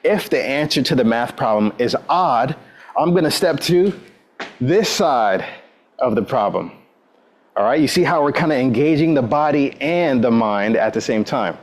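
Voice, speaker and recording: A man's voice: medium pitch, lively intonation, normal speed. Man leading an encouraging workout class. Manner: upbeat, encouraging, counts down and cues moves; frequent "all right" between instructions. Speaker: exercise instructor.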